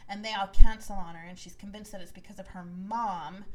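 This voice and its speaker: A woman co-hosting a podcast, casually recapping a reality show and telling the story with lively, acted-out quotes. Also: mid-range voice, fairly quick, a little hiss or hum, low-quality recording. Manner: animated storytelling, acts out quotes in raised voices. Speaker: podcast co-host.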